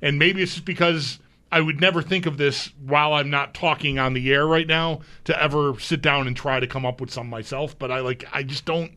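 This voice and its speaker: A man's voice: a little high, fairly even intonation, fairly quick, sharp tone. A man co-hosting a casual sports chat, hesitant, stammering and restarting his sentences. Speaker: co-host. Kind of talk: casual fantasy football chat.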